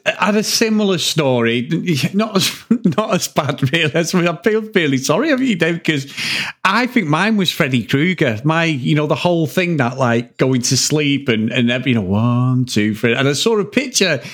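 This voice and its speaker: A man telling an excitable story on a casual podcast, swearing heavily. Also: on the high side, normal speed. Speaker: podcast co-host. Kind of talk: casual chat.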